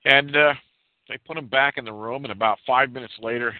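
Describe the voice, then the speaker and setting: A man telling a story in casual talk, animated and stumbling over repeated words as he acts out the people in it. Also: mid-range voice, brisk, no echo. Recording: dry tinny phone-line sound.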